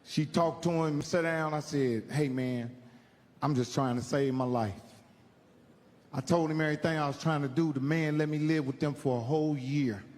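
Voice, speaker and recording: High-voiced profane man telling stand-up stories. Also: normal speed, big-room sound, a little hiss or hum. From Indiana, United States. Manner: profane, animated, acts out characters' voices. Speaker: stand-up comedian. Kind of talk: stand-up storytelling.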